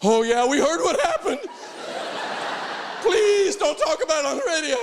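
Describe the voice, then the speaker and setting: A man's voice: extremely high pitch, sing-song, a little slow, heavy background noise, voice pushed up, heavily acted. A man voicing an apologetic male store manager who laughs nervously and pleads.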